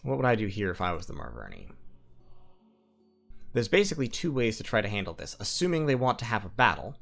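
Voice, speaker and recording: A man recording gameplay commentary at home, methodically thinking aloud through his plans and numbers. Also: on the low side. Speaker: strategy game let's-player.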